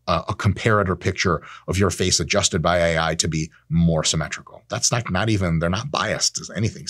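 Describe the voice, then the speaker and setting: A deep-voiced man in his thirties hosts a casual monologue, animated and swearing freely as he acts out imagined exchanges.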